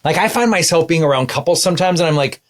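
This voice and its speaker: A man in his fifties, a couples therapist co-hosting a podcast, chatting in a lively, tumbling way full of quick asides. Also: a little high. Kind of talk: casual podcast chat. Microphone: remote call setup.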